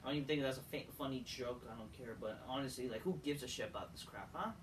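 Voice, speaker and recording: A man reviewing a wrestling show in a profane, exasperated rant, full of rhetorical questions, swinging from loud outbursts to flat mutters. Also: medium pitch, fast. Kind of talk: ranting solo show review. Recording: distant mic, faint background noise.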